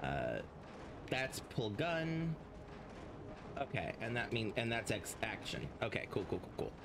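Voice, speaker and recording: A man's voice: fairly low pitch, huge pitch swings, unhurried, creaky, background noise. A man casually commenting on his gameplay as a streamer, rambling and swearing freely.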